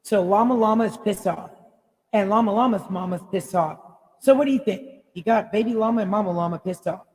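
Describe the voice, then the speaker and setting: A woman life coach talks her listeners through a live motivational session in a middle-pitched voice. She rambles and drives her points home with emphasis, blunt and not shy of mild swearing. Her voice carries a long reverberant tail, as if recorded in an echoey room. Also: a little fast, darkish tone.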